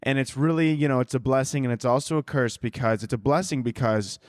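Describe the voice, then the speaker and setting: A man's voice: medium pitch, fairly quick, no room sound, clean studio sound. A man hosting his own podcast, rambling through tangents in a jokey, profane, casual way while holding a microphone. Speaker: podcast host. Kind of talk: casual solo podcast chat. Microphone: handheld microphone.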